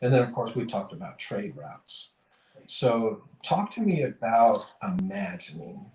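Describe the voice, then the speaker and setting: A man's voice: on the low side, very animated, unhurried, dark tone, a little hiss or hum. A man hosting a podcast in casual chat, rambling and correcting himself as he tells stories. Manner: rambling, self-correcting, chuckling storyteller. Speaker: podcast host. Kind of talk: casual chat and joke telling. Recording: roomy, distant mic.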